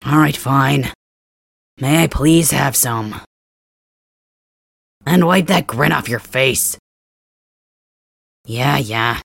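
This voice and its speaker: Man as a blunt, grumbling young male cat hybrid for an ASMR role-play; slow delivery, husky, dry and close. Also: medium pitch, a bit bright, no echo, heavily acted. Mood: gruff teasing.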